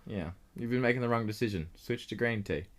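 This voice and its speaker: Young male co-host with a lower voice, dry and teasing in casual banter. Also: a little fast. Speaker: podcast co-host. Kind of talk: casual chat.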